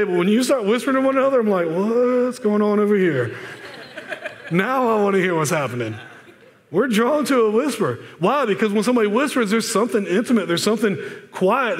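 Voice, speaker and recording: A pastor in his forties giving a conversational sermon, often dropping to a soft, hushed voice. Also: high voice. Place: church sanctuary. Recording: long church-hall reverb.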